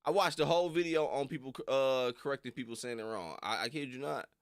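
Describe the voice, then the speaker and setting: A man's voice: mid-range voice, fast talker, clean tone, no room sound, studio quality. Slangy young man chatting on stream. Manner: rambling, slangy, laughs often. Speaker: reaction streamer. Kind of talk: casual livestream chat.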